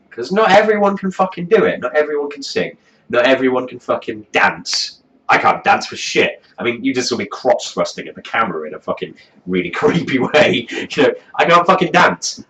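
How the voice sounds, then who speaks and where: A man's voice: lowish voice, fairly bright tone, muffled recording. A man delivering a profane comedic rant as a music review host, swearing constantly in a mocking, exasperated way.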